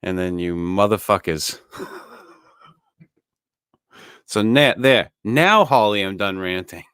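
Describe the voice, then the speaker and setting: Male podcast co-host, low smooth voice, profane rambling rant, dry close mic. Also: lively intonation, slow, fairly bright tone, no echo. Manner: profane ranting, many restarts. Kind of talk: casual podcast chat.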